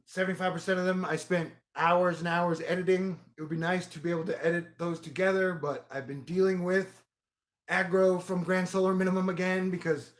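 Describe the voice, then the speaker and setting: A man vlogging in a casual, rambling monologue, heavy on profanity and swinging into loud rants. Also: high voice. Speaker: video blogger.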